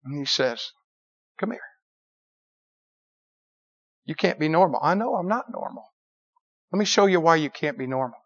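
Man, preacher, sermon, high-pitched, animated storytelling, sudden shouts, dull lo-fi sound. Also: normal speed, pauses often. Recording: dull lo-fi recording.

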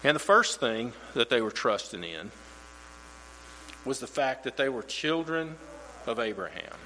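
A man with a bright, forceful voice gives a Bible study, talking in a loose, conversational way and doubling back on his words. His voice rings out in a long reverberant hall. A faint electrical hum runs underneath. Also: medium pitch, sing-song, a little slow. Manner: conversational, repeats words when restarting. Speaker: Bible teacher.

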